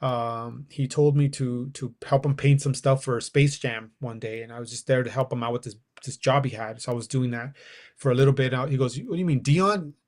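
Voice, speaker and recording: Middle-aged male storyteller, casual and animated, acts out quoted dialogue, mid pitch. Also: brisk. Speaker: guest.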